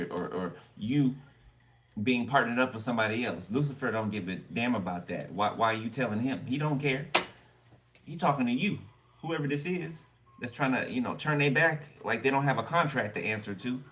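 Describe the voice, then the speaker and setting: A man's voice: mid-range voice, a little fast, fairly bright tone. A man giving a casual tarot reading, rambling and blunt with cards, swearing freely. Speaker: tarot reader. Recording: distant mic with background noise.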